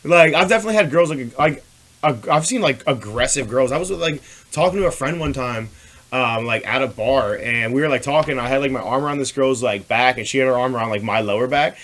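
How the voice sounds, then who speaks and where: A man who talks quickly and swears freely, stringing loose anecdotes together with constant filler words. His voice sits in an ordinary middle pitch, with an easy, casual podcast delivery. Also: a bit bright. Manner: rambling, profane storytelling full of "like". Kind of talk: crude casual chat.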